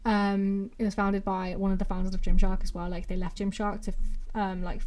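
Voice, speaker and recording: On her solo podcast, this English woman in her twenties chats and rambles in a mixed Brummie-Mancunian accent, dropping "like" again and again. She speaks at a normal speed with a medium pitch, a flat delivery, and a slightly mellow quality.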